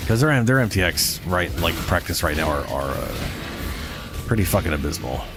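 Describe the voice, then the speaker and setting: A man's voice: sits low, big pitch swings, normal speed, music in the background. A man streaming a game, talking casually in a profane, ranting way and often correcting himself. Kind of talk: casual gameplay commentary.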